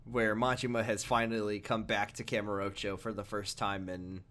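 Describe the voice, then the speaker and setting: A man co-hosting a casual podcast, recapping a game with jokes and frequent laughter. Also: normal speed. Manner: laughs often, jokey recaps with sudden high excited bursts. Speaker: podcast co-host. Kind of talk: casual chat.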